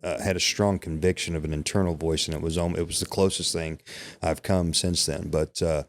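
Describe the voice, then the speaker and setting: A man's voice: deep voice, steady tone, brisk, a little hiss or hum. A middle-aged man, a podcast guest, tells a candid, emotional personal story in casual conversation, often checking in with "right?" and "you know".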